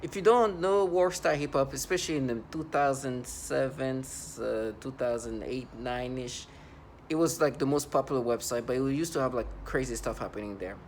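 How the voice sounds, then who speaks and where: A man in his thirties giving a rambling, halting personal monologue to the camera in an aggrieved tone. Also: medium pitch, slight background noise.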